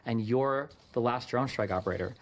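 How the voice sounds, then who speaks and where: A man teasing his co-host in quick, profane stream banter. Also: mid-range voice.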